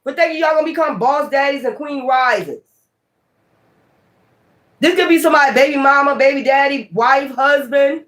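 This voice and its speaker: Woman, tarot reader, blunt, emphatic, profane, slightly high voice. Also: a little fast, long pauses, fairly bright tone. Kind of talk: tarot reading monologue.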